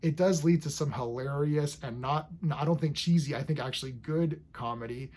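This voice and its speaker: A man's voice: on the high side, normal speed, a little mellow. A man casually reviewing a TV episode, rambling enthusiastically and acting out scenes as he goes.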